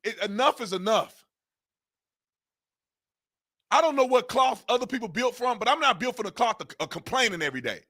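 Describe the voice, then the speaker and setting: A man's voice: extremely high pitch, animated, fairly quick, pauses often, sharp tone. A man hosting his own political commentary channel, ranting in exasperation and firing off repeated rhetorical questions in informal speech.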